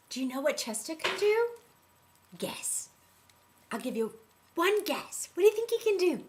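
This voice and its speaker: A woman's voice: high voice, sing-song, moderate pace, sharp tone. A woman clowning her way through a mock cooking demonstration, playful and teasing in a sing-song way. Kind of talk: mock cooking show comedy.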